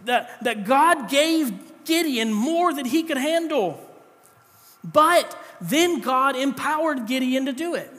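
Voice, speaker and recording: A high-pitched man preaches with a bright, forceful tone, his voice carrying through a church hall with a long reverb tail. He talks in a conversational way and drops joking asides between points. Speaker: pastor. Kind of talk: sermon.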